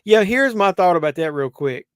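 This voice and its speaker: A man's voice: high-pitched, lively intonation, normal speed, no room sound, clean studio sound. A man hosting a live movie watch-along, rambling conversationally with many fillers and restarts. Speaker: host.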